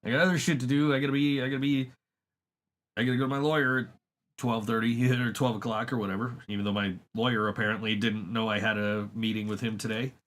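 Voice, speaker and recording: A man's voice: medium pitch, level tone, fast, fairly bright tone. A man hosting a podcast, telling a long story in a casual, profane way and laughing often. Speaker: podcast host. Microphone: studio microphone.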